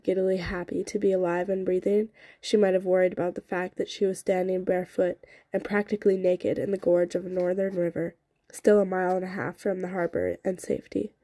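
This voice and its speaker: A woman's voice: medium pitch, mellow, dry recording. A woman reading a novel aloud in a plain way, often stumbling over words and restarting. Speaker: audiobook reader.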